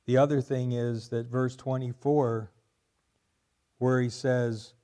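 Man preaching a sermon, warm dark voice, drives points home with repetition. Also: mid-range voice, flat delivery, takes it slowly, long pauses. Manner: emphatic preaching, repeating key lines for stress. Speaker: pastor.

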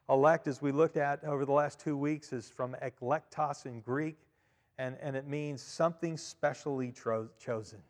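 A man preaching a sermon as pastor, emphatic, repeating key phrases and swinging between loud and quiet. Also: a little high. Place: church. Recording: long reverb of a church hall.

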